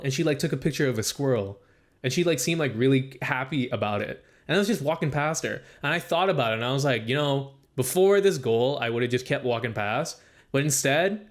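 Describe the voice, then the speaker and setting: A young man co-hosting a casual podcast, telling a long story full of "like" and acting out what people said. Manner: rambling storytelling, heavy use of "like"; acts out quoted speech with raised pitch. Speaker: podcast co-host. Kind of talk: casual chat.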